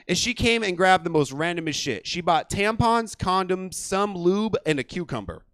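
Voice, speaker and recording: Man, stand-up comedy host, high voice, crude rambling delivery, dry close sound. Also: lively intonation, moderate pace, hardly any pauses, a bit bright, no room sound. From California. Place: small comedy theater stage with audience.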